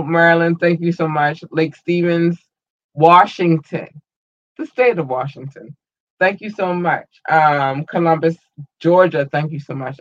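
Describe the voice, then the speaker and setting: An online show host reading out casual shout-outs to listeners in a slangy, drawling way, swearing freely. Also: medium pitch, muffled recording.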